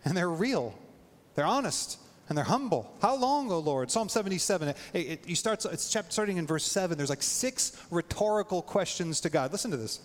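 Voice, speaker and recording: Male pastor, casual and animated sermon delivery, somewhat high voice, reverberant hall sound. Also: a little fast. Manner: animated, voice jumps high when acting out prayers.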